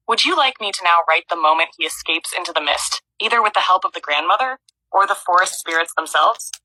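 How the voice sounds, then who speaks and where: A synthetic woman's voice narrating a dark folk tale at a measured storytelling pace. The tone is very bright and husky, sitting a little low. The recording is dry and close. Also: animated, no echo, low-quality recording.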